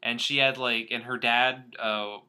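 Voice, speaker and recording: A young man co-hosts a casual movie podcast with a very bright, forward tone. He rambles sarcastically through the plot, full of ums and restarts. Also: mid-range voice, fairly even intonation, measured pace, clean tone. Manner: sarcastic, rambling with many fillers. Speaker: podcast co-host. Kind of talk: casual movie-review chat.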